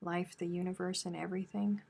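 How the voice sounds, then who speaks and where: A woman with a low, gravelly voice hosts a casual live stream, chatting freely and answering viewers as their comments come in. Her talk jumps between easygoing chatter and loud, animated exclamations. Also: brisk. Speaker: crochet live-stream host.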